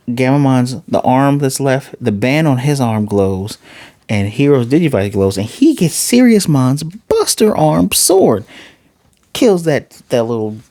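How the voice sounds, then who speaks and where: A man giving a casual, excitable episode recap and review, jumping into different voices for the characters. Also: mid-range voice, dry recording. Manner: excitable, acts out characters' lines in shifting voices. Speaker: anime reviewer.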